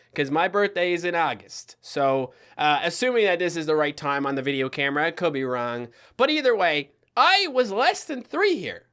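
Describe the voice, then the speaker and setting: Animated young man with a Newfoundland accent. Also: fairly high pitch. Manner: animated, joking, swears casually. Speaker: YouTuber. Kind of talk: casual storytelling commentary.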